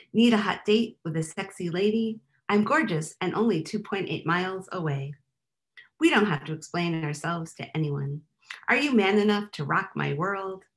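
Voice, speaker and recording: Lower-voiced woman reading wry poems. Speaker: poet. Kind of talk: live poetry reading with casual asides.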